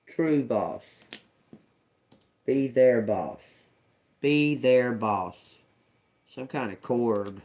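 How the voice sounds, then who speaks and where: A man doing a tarot reading, slowly sounding out words and phrases and repeating them as he tries to make sense of the messages. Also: mid-range voice, a little mellow. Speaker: tarot reader. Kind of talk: slow channeled reading.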